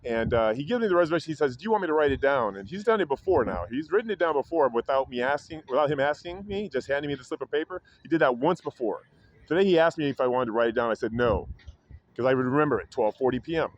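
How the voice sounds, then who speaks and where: A man telling a story about a public library in a casual vlog, rambling with many restarts and acting out quotes in a higher voice. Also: lively intonation, fast talker, muffled recording, slight background noise. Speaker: vlogger. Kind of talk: casual retelling of an incident.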